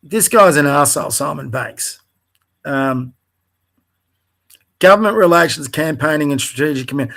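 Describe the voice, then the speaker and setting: A man's voice: on the high side, animated, moderate pace, gravelly, pauses often, a bit bright. A middle-aged Australian man hosting a livestream, bluntly and profanely ranting as he reads and mocks posts. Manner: blunt, profane, scornful asides. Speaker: livestream host. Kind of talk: angry live rant reading social media posts.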